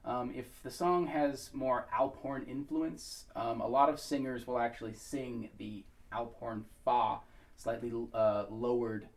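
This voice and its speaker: A man's voice: mid-range voice, steady tone, a little slow, distant mic. American man explaining pronunciation, off mic. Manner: thoughtful, many ums and uhs, sings short vocable demonstrations. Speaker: pronunciation instructor. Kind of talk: relaxed spoken tutorial.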